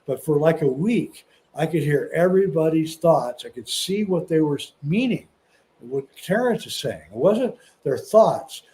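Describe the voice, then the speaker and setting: A man's voice: a little high, expressive, measured pace, warm tone, a little hiss or hum. A man guest on a podcast, telling a personal story earnestly and stumbling over restarts. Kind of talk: casual storytelling.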